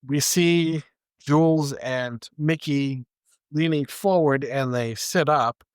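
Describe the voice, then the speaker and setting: A podcast co-host casually recaps a movie's plot, going through the scenes step by step and quoting the characters along the way. His voice is a little high with a clean tone, and he takes it slowly. The recording is dry, with clean studio sound.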